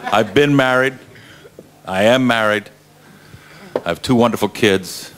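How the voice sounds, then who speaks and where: A man's voice: fairly low pitch, measured pace, a bit bright, slight background noise. A middle-aged man who directs, bantering and teasing on a convention press panel. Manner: joking and teasing.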